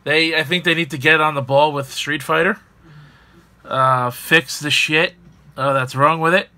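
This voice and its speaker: A man's voice: a little high, steady tone, unhurried, bright, forceful tone. A man hosting a casual gaming news podcast, rambling with fillers and jokes. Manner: rambling, filler-heavy, joking. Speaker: podcast host.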